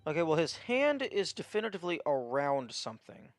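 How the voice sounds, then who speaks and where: A man's voice: a little high, very animated, a little fast, soft background music. A man streaming a mystery puzzle game, thinking aloud in casual muttered commentary with the odd swear. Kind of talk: let's play commentary.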